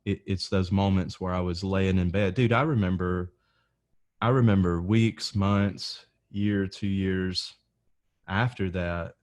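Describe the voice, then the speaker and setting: A man's voice: low voice, steady tone, takes it slowly, a little mellow. A man hosting a podcast, asking questions and reflecting on his own past in a thoughtful, searching way. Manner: reflective, restarts phrases while thinking. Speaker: podcast host. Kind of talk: casual interview talk.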